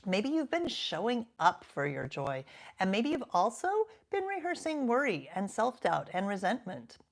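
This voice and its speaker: A woman in her fifties, a coach talking reflectively and earnestly, sometimes sinking to a soft half-whisper for emphasis. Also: mid-range voice, huge pitch swings, moderate pace. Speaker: coach and podcast host. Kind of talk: reflective self-help talk.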